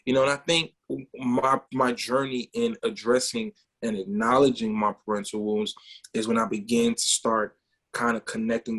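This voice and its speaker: A man co-hosting a podcast, telling a personal story in an animated way and often repeating words. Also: medium pitch. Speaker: podcast co-host.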